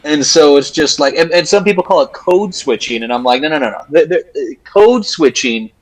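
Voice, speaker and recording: A man's voice: on the high side, lively intonation, moderate pace, rough recording. A man co-hosting a political podcast in casual chat, blunt and profane, repeating himself as he restarts. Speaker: podcast co-host.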